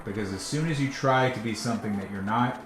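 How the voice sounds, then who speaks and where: A man's voice: on the low side, fast, noisy background. A man, the creator of a cartoon, telling stories in casual chat, laughing often. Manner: chatty, laughs often, animated storyteller. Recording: roomy echo, faint music.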